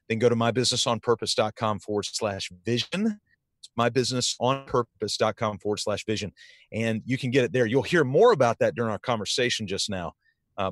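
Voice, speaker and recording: Energetic male business coach, dry close sound. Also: dry recording. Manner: energetic, emphatic, enthusiastic pitch. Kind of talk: podcast interview.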